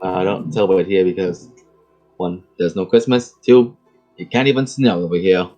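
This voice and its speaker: A deep-voiced man chatting in a plain, matter-of-fact way with his fellow players. Faint music plays behind him. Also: steady tone, normal speed, mellow. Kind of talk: casual chat before a tabletop game.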